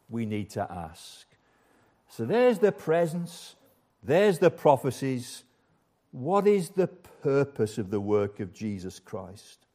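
A man's voice: mid-range voice, a little mellow. An older man preaching a sermon as the church's pastor, earnest and emphatic, repeating key phrases for weight.

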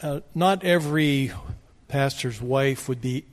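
A man's voice: mid-range voice, takes it slowly. Man asking a question across a hall. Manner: hesitant, polite. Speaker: audience member asking a question. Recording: distant hall mic with reverb.

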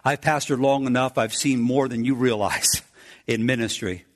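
A middle-aged male pastor preaching a sermon in a church, swinging from loud, urgent pleas to hushed, low passages. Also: normal speed. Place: church sanctuary. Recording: long church reverb.

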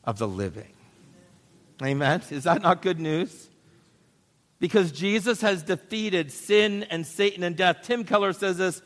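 Preaching man in a reverberant hall. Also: medium pitch. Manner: swings between loud emphatic preaching and quiet reflective asides. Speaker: pastor. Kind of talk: sermon.

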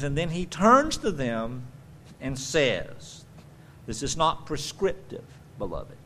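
A man preaching a sermon as pastor, swinging from loud emphatic bursts to quiet conversational asides. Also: mid-range voice.

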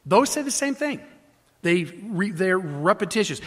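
High-voiced preaching man. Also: expressive, measured pace, fairly bright tone. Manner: emphatic, explanatory, with frequent restarts and fillers. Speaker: pastor. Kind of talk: sermon teaching.

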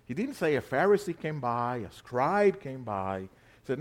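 A man preaching a sermon, swinging between loud emphasis and quiet asides and arguing with imagined questioners. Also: mid-range voice, sing-song, moderate pace. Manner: rhetorical back-and-forth questions.

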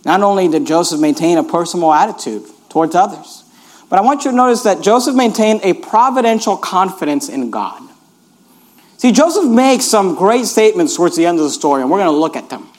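Guy preaching, super high voice, earnest and emphatic. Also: sing-song, brisk, darkish tone. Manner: earnest, emphatic, repeatedly urges listeners to notice. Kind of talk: sermon.

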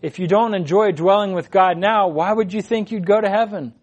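A man preaching an expository sermon in an earnest, emphatic way, his voice swelling louder on key phrases. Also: sits high, brisk, lo-fi sound.

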